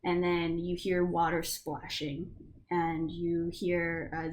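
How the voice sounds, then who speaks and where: A woman's voice: lowish voice, monotone, slow. A woman narrating a tabletop game as game master in a casual, loose way, with lots of fillers.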